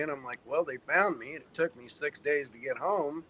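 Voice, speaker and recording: A man's voice: fairly high pitch, fairly quick, pushed and bright, slight background noise. Laid-back, profane male veteran storyteller. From United States (Indiana). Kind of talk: casual storytelling in a group hangout.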